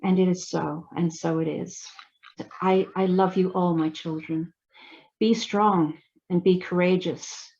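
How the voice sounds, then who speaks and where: Woman channeling a loving divine father spirit, trance channeling, slow halting delivery, muffled audio. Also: on the low side, steady tone. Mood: tender, reassuring. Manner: slow, halting, gentle blessing.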